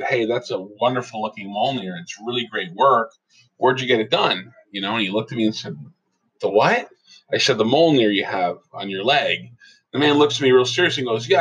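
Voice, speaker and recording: A man's voice: medium pitch, husky, rough recording. A man co-hosting a casual talk about his faith, telling anecdotes and acting out the people he quotes. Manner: storytelling, quotes others in lively voices. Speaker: podcast co-host.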